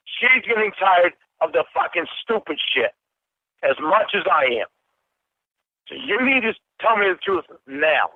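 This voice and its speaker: A man's voice: sits high, no room sound. An angry man on a phone call, swearing and accusing the other person of lying to him. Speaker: caller. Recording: tinny phone line.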